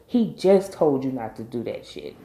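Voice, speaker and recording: A woman's voice: rumbling low, big pitch swings, normal speed, dark tone, slight background noise. A woman recapping a TV episode in a casual, emphatic vlog style, bluntly scolding the characters as she goes. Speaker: TV recap vlogger. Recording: echoey room.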